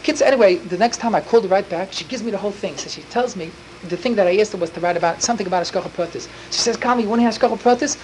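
Fast-talking man telling a story with inflection. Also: sits high, darkish tone, a little hiss or hum, low-quality recording. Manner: rapid, breathless, full of Yiddish and Hebrew words. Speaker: storyteller for children. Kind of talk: animated storytelling.

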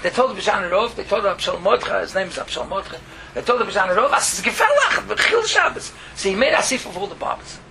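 A man's voice: high-pitched, rapid-fire, creaky. A man teaching a Torah lesson as a rabbi, telling stories, mixing in words and leaping up in exclamations. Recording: steady background hiss.

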